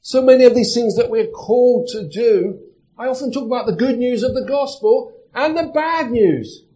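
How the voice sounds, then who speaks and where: With a very high, mellow voice at a normal speed, a male pastor delivers a sermon conversationally and asks his congregation questions. The audio quality is low.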